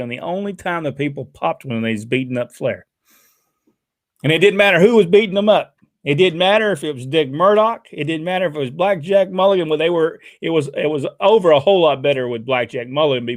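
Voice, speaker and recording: A man co-hosts a laid-back podcast, chatting casually in a rambling, folksy way and laughing often. His voice is on the high side, and the recording has no room sound.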